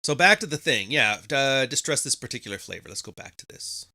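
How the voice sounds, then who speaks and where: A man's voice: mid-range voice, animated, a little fast, bright, forceful tone. A man hosting a podcast, talking casually in a profane, sarcastic monologue, often mimicking people mockingly. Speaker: podcast host.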